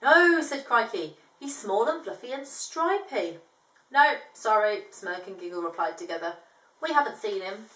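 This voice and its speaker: A woman's voice: medium pitch, expressive, normal speed, fairly bright tone, reverberant, recorded from a distance, low-quality recording. A woman reading a children's picture book aloud, lifting her voice for the animals' lines and stopping to explain things in a chatty way. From from outside Australia, now living there.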